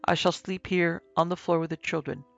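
A man reading aloud, voicing a bold grown forester who talks gruffly with a raised voice. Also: fairly high pitch, level tone, brisk, dull audio, faint music behind.

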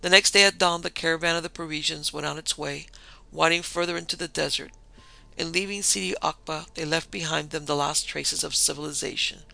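A man narrating an audiobook in an expressive, measured reading. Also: a little high, creaky, low-quality recording. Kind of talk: scripted narration.

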